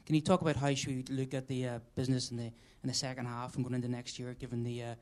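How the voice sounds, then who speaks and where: A man's voice: medium pitch, level tone, fast, a little mellow. A man, a financial analyst, asking a question at a results briefing.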